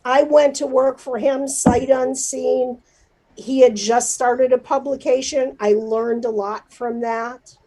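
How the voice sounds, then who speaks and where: A woman's voice: sits high, fairly even intonation, takes it slowly, warm tone, rough recording. A middle-aged woman, a newspaper publisher, talking in a livestreamed interview with many fillers and emotion. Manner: chatty, emotional, lots of fillers.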